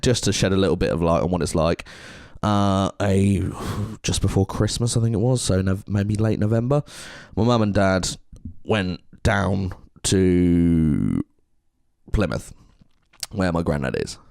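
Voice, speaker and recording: A man's voice: low voice, unhurried, creaky, darkish tone, clear, resonant tone, dry recording, clean studio sound. A man with an English accent co-hosting a podcast, talking earnestly in a rambling way with many restarts. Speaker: podcast co-host. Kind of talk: casual podcast chat.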